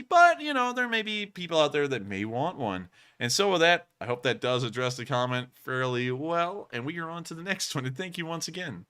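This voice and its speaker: A man's voice: fairly high pitch, sing-song, normal speed, few pauses, pushed and bright, smooth. A man hosting a casual news livestream who says he is exhausted and yawning, talking in a drawling, apologetic way between answers. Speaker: livestream host.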